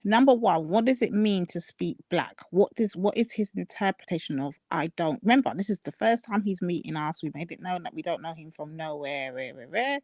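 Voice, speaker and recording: A man's voice: high voice, animated, fairly quick, few pauses, darkish tone, no echo. A man hosting a talk show, mocking a clip in emphatic, casual street slang. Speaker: show host.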